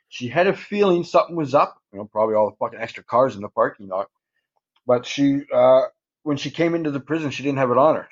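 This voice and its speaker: A man's voice: medium pitch, highs cut off. A man telling a long story in casual chat, swearing constantly, using street slang and rambling through fillers.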